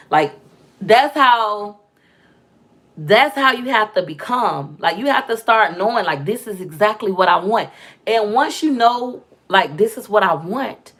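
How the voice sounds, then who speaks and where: A woman hosts a casual live chat with her viewers. Her voice sits in a middle pitch, and she talks in a blunt, profane way, animated as she tells stories. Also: measured pace, slightly rough. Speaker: vlog host reading comments.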